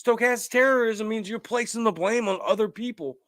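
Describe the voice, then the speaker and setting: A man's voice: sits high, a little fast, no echo, studio quality. A man hosting a political commentary show, ranting emphatically and reading out viewer comments. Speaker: host.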